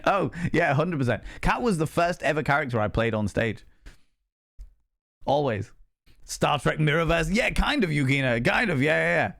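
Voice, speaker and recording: A man's voice: fairly high pitch, animated, normal speed, creaky, a bit bright, dry recording, clean studio sound. A man live-streaming in casual chat, laughing often and swearing freely.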